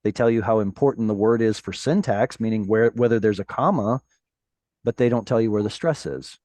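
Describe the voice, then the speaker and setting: Slow, careful male Hebrew teacher. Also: fairly low pitch, a little mellow, dry recording. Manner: patient, explanatory, reads Hebrew slowly and carefully. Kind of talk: online Hebrew class. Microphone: video call.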